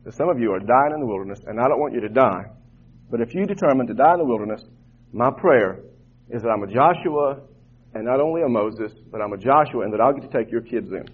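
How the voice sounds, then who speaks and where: Over a muffled, phone-like tinny line, a man of medium pitch and husky tone preaches to his flock. He's fervent as their pastor, building his points through repeated words.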